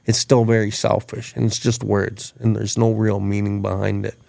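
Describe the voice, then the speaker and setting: Male host, low gravelly voice, earnest storyteller, dry close sound. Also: level tone, moderate pace, a little mellow, dry recording. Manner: earnest, repeats words as he restarts. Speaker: podcast host. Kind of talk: reflective storytelling chat.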